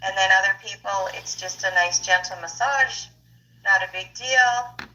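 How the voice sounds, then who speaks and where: A woman's voice: medium pitch, unhurried, pushed and bright, muffled recording. A woman counselor guest in a casual interview, explaining plainly and acting out what her clients say. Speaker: advice columnist and counselor guest.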